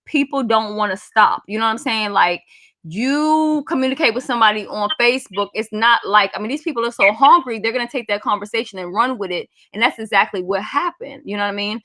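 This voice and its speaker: A woman's voice: a little high, fast talker, pushed and bright, dry recording. A woman hosting a livestream, chatting casually and bluntly with frequent swearing. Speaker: livestream host.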